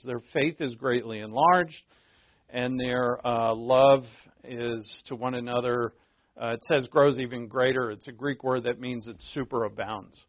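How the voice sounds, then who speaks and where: A man's voice: medium pitch, dry recording. Conversational male pastor, muffled recording. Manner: conversational, self-deprecating, with frequent fillers. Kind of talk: expository sermon.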